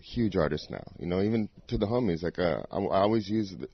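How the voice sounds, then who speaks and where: A man's voice: sits low, animated, fast, vocal fry, breathy edge, no echo. A man in his forties, a DJ guest on a podcast, talking in a laid-back, profane, rambling way. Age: 40s. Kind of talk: casual chat. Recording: dull lo-fi podcast audio.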